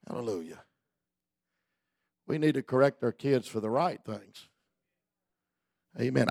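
A man preaching a sermon in a folksy, colloquial storytelling manner, building up to fervent, near-shouted exhortations. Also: medium pitch, creaky, dry recording, clean studio sound.

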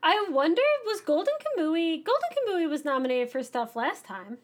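High-voiced enthusiastic woman podcast co-host. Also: animated. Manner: enthusiastic, ranting, fast-moving. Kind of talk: casual podcast chat.

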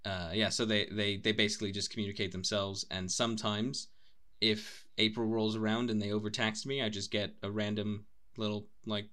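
A man's voice: lowish voice, little pitch movement, normal speed, fairly bright tone. A young man casually chatting as a podcast co-host, rambling with lots of laughs and restarts. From United Kingdom.

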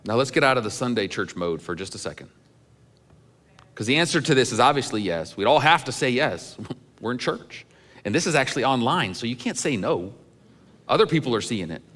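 A man's voice: medium pitch, big pitch swings, brisk, a bit bright, in a large hall. A middle-aged male pastor preaching in a church sanctuary, telling candid personal stories in a conversational way with some humor. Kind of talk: sermon.

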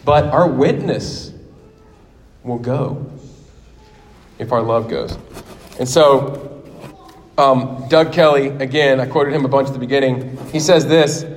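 A man in his forties preaching a sermon in a church, telling stories in a lively way and acting out quotes. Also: mid-range voice, takes it slowly, long pauses. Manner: animated storytelling with acted quotes. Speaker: pastor. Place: church sanctuary. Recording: long hall reverb.

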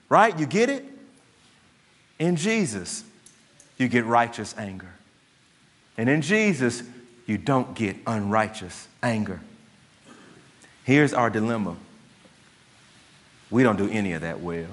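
A male pastor preaching a sermon in an animated way, often asking his listeners rhetorical questions. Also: mid-range voice, takes it slowly, long pauses. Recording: long hall reverb.

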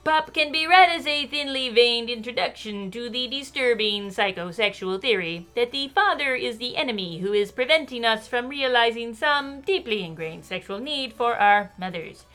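A woman's voice: fairly high pitch, expressive, normal speed, few pauses, sharp tone, faint music behind. Woman doing a snooty nasal academic. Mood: pompous. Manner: pompous mock-academic reading. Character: snobby overeducated female literary scholar.

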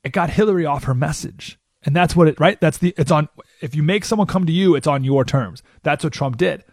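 A man hosting a political talk radio show, telling a story in an animated way and often asking "right?" into a studio microphone. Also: on the high side, fairly quick, no room sound.

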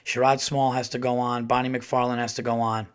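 A middle-aged man telling a casual, animated story as a comedian hosting his podcast. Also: fairly quick, clear, resonant tone. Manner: animated, acts out quotes in a louder higher voice.

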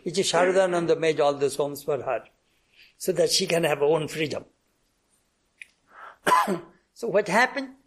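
A man's voice: fairly high pitch, animated, moderate pace, long pauses, a bit bright. A man giving a devotional talk, telling anecdotes and acting out bits of dialogue, coughing often, with frequent restarts. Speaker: spiritual speaker.

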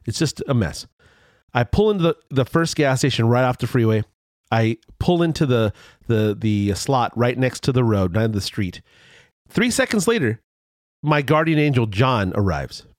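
Guy, mid pitch, talks in dry close sound, restarts a lot, gets animated. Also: moderate pace, dry recording. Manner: rambling with frequent restarts and fillers; animated, jumps higher when excited. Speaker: vlogger telling a road story. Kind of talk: casual storytelling.

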